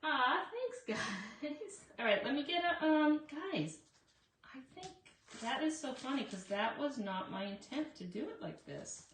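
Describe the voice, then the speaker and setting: A woman's voice: high-pitched, animated, unhurried, few pauses, fairly bright tone. A woman hosting a casual live craft demo from her shop, chatting to viewers and calling them guys. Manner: chatty, addresses viewers as guys, frequent asides. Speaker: craft shop owner and live-stream host. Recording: roomy echo, distant from mic, faint noise.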